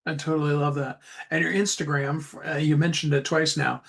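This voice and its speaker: A man's voice: on the high side, flat delivery, brisk, creaky, a bit bright. A man hosting an interview, upbeat and affirming in casual chat. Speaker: podcast host.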